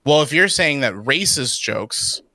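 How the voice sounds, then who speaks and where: A man on a podcast panel making his point in a calm, careful way, quoting back what others said. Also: medium pitch, unhurried, no room sound, clean studio sound. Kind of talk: casual debate.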